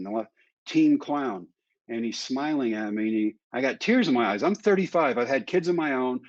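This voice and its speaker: A man in his fifties, a guest in an interview, telling his story in a lively way and acting out the dialogue. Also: mid-range voice, dry recording. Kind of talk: candid storytelling in conversation. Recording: dry, slightly dull sound.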